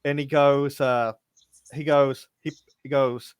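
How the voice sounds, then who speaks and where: A man's voice: mid-range voice, little pitch movement, slow pace, smooth, dry recording. A man narrating as game master of a tabletop game, stumbling and restarting as he laughs through the scene.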